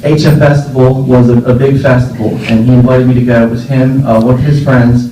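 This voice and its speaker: Young man, eulogy speaker; mellow, loose and rambling, with fillers and laughs. Distant mic, booming room echo. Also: level tone, brisk. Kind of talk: informal memorial speech. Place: memorial gathering room. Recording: echoey room, voice far from mic, faint noise.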